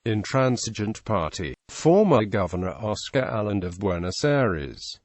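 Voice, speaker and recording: A synthetic male voice reads an encyclopedia article at an even, steady pace, with the occasional odd pause. The sound is dry and close, with no room around it. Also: fairly low pitch, dry recording.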